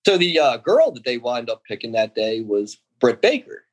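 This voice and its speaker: Over poor audio, a man in his thirties speaks at medium pitch and a moderate pace. A former professional wrestler appearing as an interview guest, he rambles through long, animated stories in casual conversation, performing what other people said.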